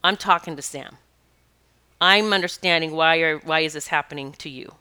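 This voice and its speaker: Earnest and rambling, a woman who works as an animal communicator and Reiki practitioner shares a personal story, frequently correcting herself. Her low-pitched voice moves at normal speed, smooth and crisp yet bright and tense at the edges.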